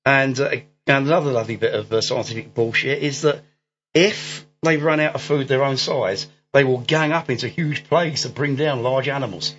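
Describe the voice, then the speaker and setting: A man's voice: medium pitch, normal speed, a bit bright, a little hiss or hum. A man, hosting a podcast, who recaps a movie plot in a rambling, laughing way full of ums and restarts. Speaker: podcast host. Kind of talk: casual movie-recap chat. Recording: dull lo-fi audio with faint music.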